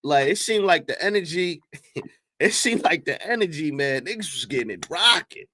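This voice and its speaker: A young man hosting a live stream, reacting to a clip with animated, incredulous commentary and talking to his chat. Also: a little high, normal speed, slight background noise. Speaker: streamer reacting to battle rap clips.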